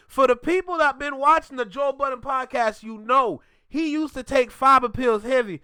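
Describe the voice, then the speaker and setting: A man with a bright, forceful voice hosts a reaction video in casual commentary. He swings between joking and mock outrage, and drags words out slowly for emphasis. The sound is dry, with almost no room reverb. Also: extremely high pitch, clear, resonant tone.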